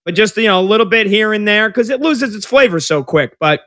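Bright-voiced chatty sports radio host, man. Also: high voice, animated, fairly quick, dry recording. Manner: chatty and rambling, with many fillers. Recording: dry studio sound.

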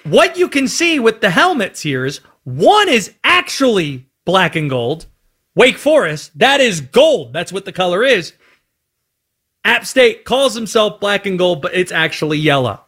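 Male sports radio host, lively high voice, playful ranting delivery. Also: unhurried, husky. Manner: animated, playful rants. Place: radio studio.

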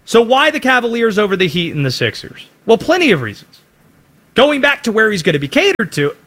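Animated, emphatic male sports commentator. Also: high-pitched. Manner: emphatic, opinionated delivery. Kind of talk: opinion commentary.

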